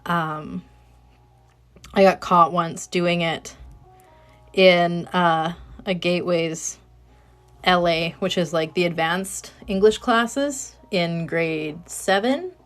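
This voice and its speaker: A woman in her thirties with a soothing voice, chatting casually and rambling softly while she crafts at home, speaking into a phone. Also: lowish voice, slow pace, pauses often, soft background music. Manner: chatty, rambling, soft-spoken. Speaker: craft livestreamer.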